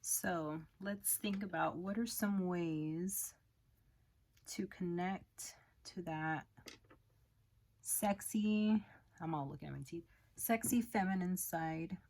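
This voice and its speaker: A woman's voice: fairly low pitch, slow pace, gravelly, pauses often, darkish tone. A young woman, a hairstylist, chatting frankly and profanely while doing her makeup. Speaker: hairstylist and beauty vlogger.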